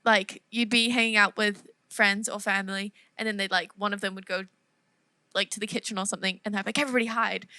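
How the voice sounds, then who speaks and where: Bright-voiced young woman, giggly. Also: medium pitch, dry recording. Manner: giggly, quick asides, softens into quiet storytelling. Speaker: podcast co-host. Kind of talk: casual storytelling chat.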